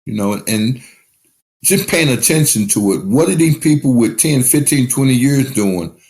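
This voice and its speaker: A man's voice: mid-range voice, lively intonation, normal speed, darkish tone. A man talking as a guest on a recovery podcast, telling his story candidly and swearing freely. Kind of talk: casual recovery podcast talk.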